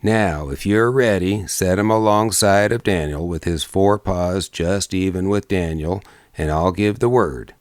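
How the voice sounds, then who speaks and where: A man's voice: sits low, unhurried, darkish tone, no echo, clean studio sound. A man voicing an easygoing, shrewd frontier gambler in an audiobook, speaking in a careless folksy drawl. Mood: easy drawl. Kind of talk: audiobook character voice.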